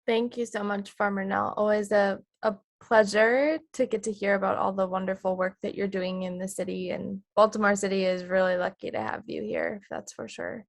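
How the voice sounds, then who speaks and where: A woman's voice: mid-range voice, fairly even intonation, moderate pace, creaky, few pauses, no echo. A woman moderating an online panel, thanking one speaker and introducing the next. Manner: warm, appreciative introductions.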